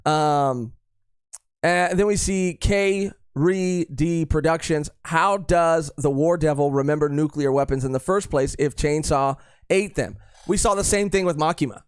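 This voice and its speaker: A podcast co-host on a live stream, this man rambles casually, repeating phrases and filling gaps with filler words. His fairly high voice is clear and resonant, delivered at a measured pace in studio-quality audio with no room sound.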